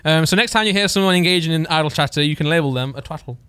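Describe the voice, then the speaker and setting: A man's voice: fairly high pitch, very fast, sharp tone, clear, resonant tone, dry recording. A man, co-hosting a podcast in casual chat, reading out word definitions and laughing often. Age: 20s. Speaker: podcast co-host.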